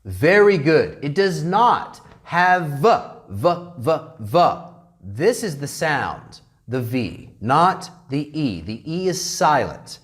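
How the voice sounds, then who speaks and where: An American man teaching English grammar in a classroom lecture, animated and checking in constantly with "okay?". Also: fairly high pitch, slow pace, hardly any pauses. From United States.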